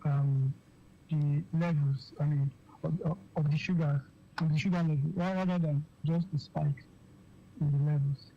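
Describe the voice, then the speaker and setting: A physician with a Nigerian English accent, a guest on a radio interview, explaining slowly with many fillers, okays and repeated words. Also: medium pitch, fairly even intonation, dark tone. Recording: dull lo-fi radio sound with faint noise.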